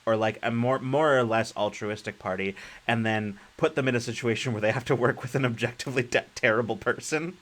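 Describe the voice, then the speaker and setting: A man's voice: medium pitch, a little fast, a bit bright, poor audio. A man co-hosting a live-streamed tabletop gaming talk show as a game master, chatting casually, rambling and correcting himself, laughing easily. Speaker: podcast co-host and game master.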